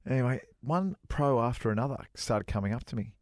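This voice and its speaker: A middle-aged man, co-host of a golf radio show, telling an animated anecdote in casual chat and putting on other people's voices as he quotes them. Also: mid-range voice, fairly quick, no echo, studio quality. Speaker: co-host, former touring golf pro.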